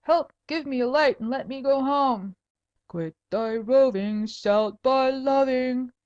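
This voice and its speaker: A woman's voice: high-pitched, moderate pace, muffled recording, voice pushed up, natural voice. A woman doing a whining drunken carol singer. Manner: whining, wailing.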